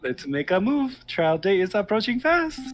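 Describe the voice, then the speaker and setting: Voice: mid-range voice, normal speed, soft background music. A game streamer bantering and teasing their co-player. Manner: teasing, giggly, animated. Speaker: gaming streamer. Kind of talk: casual let's-play banter.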